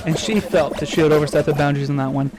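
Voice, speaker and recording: A man's voice: on the high side, steady tone, racing. A young man co-hosting a gaming video, joking in a mock-serious way and spinning absurd family sayings in casual banter. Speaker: co-host. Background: faint game music.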